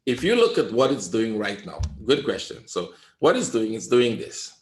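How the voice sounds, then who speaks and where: A man's voice: on the low side, very animated, normal speed, roomy sound. A man running a live trading webinar, lecturing bluntly and often asking "right?" to check that his listeners follow. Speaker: trading coach.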